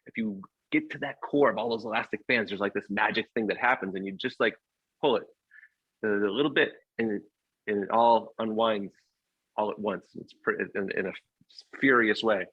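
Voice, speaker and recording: Halting storytelling man, muffled audio. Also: on the low side, slightly rough, dry recording. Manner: halting, many fillers and restarts. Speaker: guest storyteller. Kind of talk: personal storytelling.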